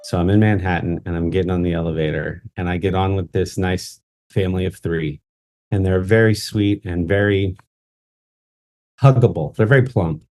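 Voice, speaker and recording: A podcast co-host tells a story in a casual, animated way, acting out the voices of the people in it. He speaks in a low voice at a moderate pace over soft background music.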